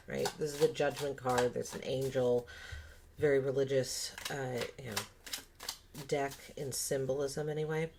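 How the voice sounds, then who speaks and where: Low-voiced lady reading tarot cards, thinking out loud, bit of faint hiss behind. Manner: musing, thinking aloud with many fillers and restarts. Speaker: tarot reader. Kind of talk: casual spoken tarot reading.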